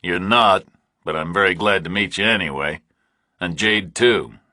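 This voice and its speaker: Terse tough hero, forceful and a bit husky, read by a male narrator. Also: deep voice, unhurried, no echo, clean studio sound, full character voice. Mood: firm. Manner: blunt, terse, firm. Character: blunt, steady ex-military drifter hero.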